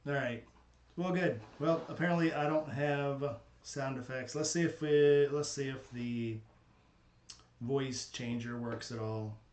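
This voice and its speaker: A man's voice: mid-range voice, measured pace, a little mellow. A man streaming live from a small home studio, chatting casually with viewers and thinking aloud with a slightly hesitant manner. He talks into a desk condenser microphone. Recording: roomy echo from the room.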